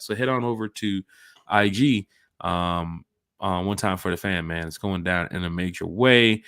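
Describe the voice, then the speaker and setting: Male podcast host, gravelly and low-set, animated hype talk. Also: normal speed, dry recording, clean studio sound. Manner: animated, jumps between hype and asides. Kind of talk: casual sports podcast chat.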